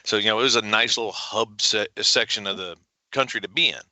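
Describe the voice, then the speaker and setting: A man's voice: fairly low pitch, no echo. A middle-aged man, an author chatting casually as a guest on a video call, telling stories with folksy energy. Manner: animated storyteller, folksy, quick jumps into voices. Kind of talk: casual interview chat.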